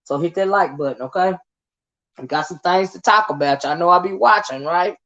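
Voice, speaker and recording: A woman's voice: lowish voice, brisk, a bit bright. A woman hosting a casual livestream and greeting her viewers by name in a folksy, chatty way. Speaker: livestream host. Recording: dull lo-fi stream audio.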